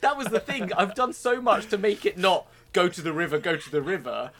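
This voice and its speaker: A man running a tabletop game as dungeon master, excitable and rambling, often laughing as he narrates. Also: high voice, fairly quick.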